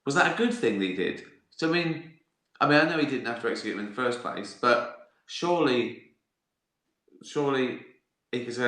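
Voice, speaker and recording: A man's voice: medium pitch, expressive, moderate pace, long pauses, fairly bright tone. A man hosting a live stream, answering viewer questions in a sweary, laughing, comic monologue. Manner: sweary, laughing, riffing on absurd ideas. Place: indoor room, live stream. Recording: roomy echo.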